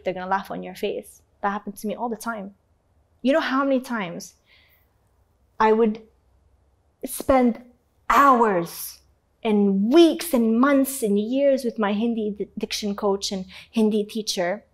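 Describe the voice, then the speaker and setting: A woman's voice: medium pitch, normal speed. A woman from Canada, a guest in an interview, telling a painful personal story with feeling, swearing casually and acting out the people she quotes. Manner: animated, acts out quoted voices, swears casually.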